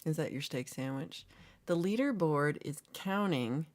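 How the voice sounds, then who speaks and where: A woman's voice: low-pitched, expressive, unhurried. A woman hosting a casual livestream, playfully reading and answering chat comments and teasing her viewers. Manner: jokey and teasing. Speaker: livestream host.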